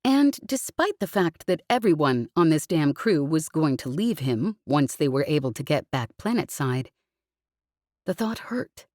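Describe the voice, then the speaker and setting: A woman narrating a science fiction audiobook with an even, expressive reading. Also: sits low, measured pace, no room sound, studio quality. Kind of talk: scripted narration.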